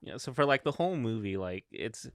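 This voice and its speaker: Podcast guy, relaxed, voice goes up and down a lot, dry mic. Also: mid-range voice, a little fast, no room sound. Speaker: podcast co-host. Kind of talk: casual podcast chat.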